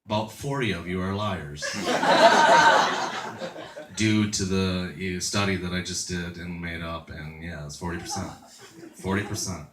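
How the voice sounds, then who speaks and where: A man's voice: low voice, takes it slowly, long pauses, very noisy. A man in his thirties doing a crude, self-mocking stand-up set, chatting with the crowd from a club stage. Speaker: stand-up comedian. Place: comedy club stage before a laughing crowd. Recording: echoey club room, mic heard from a distance.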